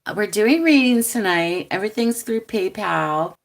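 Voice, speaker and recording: A woman's voice: mid-range voice, lively intonation, normal speed, vocal fry. A woman, a tarot reader chatting casually on a live stream, rambling with ums and frequent laughs. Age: 40s. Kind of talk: casual rambling livestream chat.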